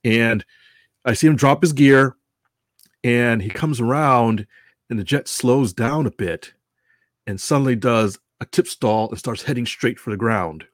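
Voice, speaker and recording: A man's voice: medium pitch, a little slow, no echo, clean studio sound. A man telling a casual story about announcing at a model airplane show. He rambles, corrects himself often and chuckles as he goes.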